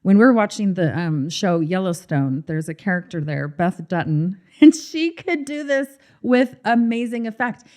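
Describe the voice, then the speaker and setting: A woman co-hosting a marriage coaching podcast, telling stories in an expressive, animated way. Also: medium pitch, unhurried, hardly any pauses. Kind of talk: casual podcast conversation.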